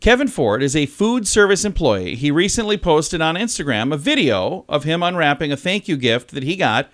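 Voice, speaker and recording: A man co-hosting a radio talk show, telling a news story in a chatty, animated way. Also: fairly high pitch, moderate pace. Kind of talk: casual radio chat.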